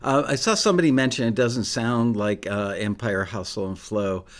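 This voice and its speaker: A man's voice: lowish voice, normal speed. A man hosting a casual livestream, chatting and joking while reading out audience comments and votes. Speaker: host of a song-listing review livestream.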